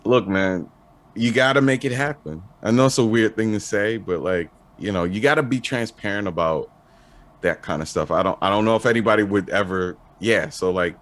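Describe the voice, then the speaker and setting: A man talking as an interview guest in casual chat, laid-back and halting, swearing casually. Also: on the low side. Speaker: interview guest, clothing designer.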